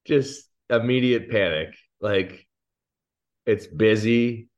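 A man with a very low, deep voice tells a rambling story in casual podcast chat. He pokes fun at himself and laughs along the way. The sound is dull and a little lo-fi. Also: takes it slowly. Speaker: podcast co-host.

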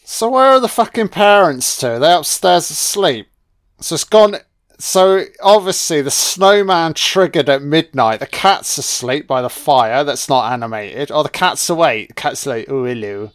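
In a fairly high voice at a measured pace, a man mocks a film through crude, sweary jokes. The delivery is flat and sarcastic throughout.

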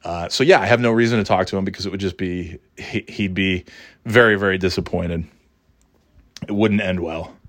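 A man's voice: low voice, steady tone, normal speed, a bit bright, dry recording. A man in his forties casually telling a personal anecdote, rambling and self-deprecating with frequent restarts. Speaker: storyteller.

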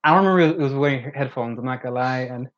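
A man co-hosting a podcast, casually telling a story in a relaxed, slangy way. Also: mid-range voice, very fast. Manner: laid-back storytelling, slangy. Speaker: podcast co-host. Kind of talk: casual chat. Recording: dull lo-fi sound.

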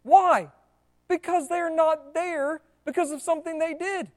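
A man preaching a sermon in a conversational, animated way, with asides to the congregation. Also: very high voice, measured pace. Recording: long church hall reverb.

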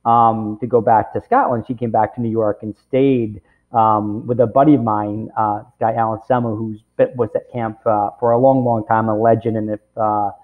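Over tinny, phone-like audio, a man in his forties who works as a camp director rambles through a long personal story in an interview, leaning on "you know" and "right?" His voice is fairly low, flat in delivery, and moderately paced.

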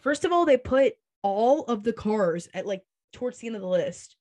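A woman's voice: fairly high pitch, lively intonation, normal speed, a little mellow. A woman cohosting a podcast, chatting casually in a playful, giggly, self-mocking way. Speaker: podcast co-host. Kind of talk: casual chat.

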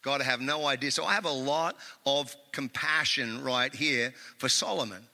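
A male pastor delivering a sermon with personal stories, an animated and self-mocking storyteller. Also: mid-range voice, normal speed, gravelly, in a large hall. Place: church sanctuary.

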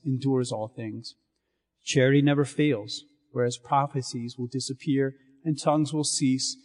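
A man serving as a priest, reading scripture and preaching in a measured, solemn cadence in a church. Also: mid-range voice, a little mellow. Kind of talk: liturgical reading and sermon. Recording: long reverb of a church.

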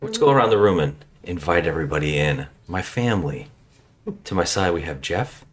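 A man's voice: sits low, expressive. A man hosting a podcast in casual, jokey chat with friends. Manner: jokey, quick banter. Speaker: podcast host.

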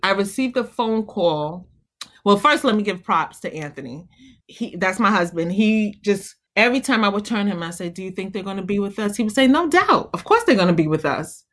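A woman's voice: medium pitch, a little fast. Earnest woman talking about motherhood. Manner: earnest, encouraging, animated when telling stories. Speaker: guest, mother. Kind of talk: conversational interview.

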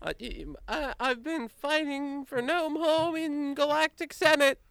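A man's voice: very high voice, steady tone, measured pace, a bit bright, no room sound, voice pushed up, heavily acted. A man voicing an anxious little gnome ambassador in a tabletop game, talking in nervous, stammering bursts.

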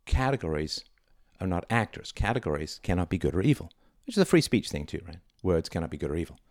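Deep-voiced man in a reflective monologue. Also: big pitch swings, fast, darkish tone, no room sound, clean studio sound. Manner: reflective, conversational, emphatic. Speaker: podcast host. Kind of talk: solo monologue.

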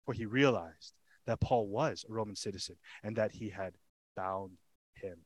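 A man's voice: lowish voice, normal speed. A man preaching a sermon as pastor, telling the story with dramatic emphasis, rhetorical questions and repeated lines. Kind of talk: expository sermon.

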